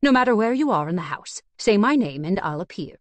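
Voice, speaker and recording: A woman's voice: mid-range voice, very animated, fairly quick, dry recording, pitched above the performer's own voice, close to an everyday voice. A woman voicing a stuffy, posh male butler who speaks in a formal, refined way. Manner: formal, clipped and proper.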